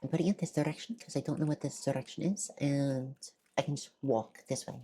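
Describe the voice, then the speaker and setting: A woman's voice: very deep voice, a little fast, mellow, slightly rough. A woman streamer chatting casually through a game, talking while she eats. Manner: chatty, talks while eating. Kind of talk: casual let's-play chat.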